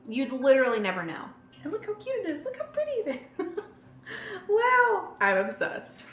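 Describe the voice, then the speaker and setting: A woman chatting casually to camera in a vlog, gushing and excitable, with quick bursts of delight. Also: medium pitch. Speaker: lifestyle vlogger. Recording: echoey room with background music.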